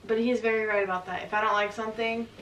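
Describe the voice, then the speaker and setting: A woman's voice: fairly high pitch, level tone, very fast, a bit bright, echoey room, recorded from a distance, muffled recording, slight background noise. A young woman vlogger chatting casually and giggling often, filler words all through, answering couples questions.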